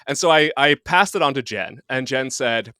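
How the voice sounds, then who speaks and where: Jokey podcast host, dry close sound. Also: male voice, mid-range voice, animated, normal speed, pushed and bright, no echo. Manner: jokey, conversational, many ums. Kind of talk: casual podcast chat.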